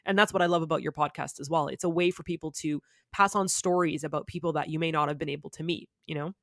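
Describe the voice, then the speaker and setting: A woman's voice: low voice, fairly even intonation, fast, fairly bright tone, dry recording, clean studio sound. A woman guest on a podcast, talking candidly in a chatty, rambling way with many fillers. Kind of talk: candid conversational interview.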